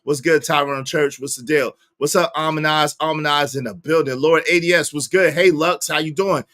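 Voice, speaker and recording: High, bright-voiced livestream host. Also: male voice, moderate pace, no room sound, studio quality. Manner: shouts out viewers and reads chat aloud; animated, argues points emphatically. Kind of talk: live stream commentary.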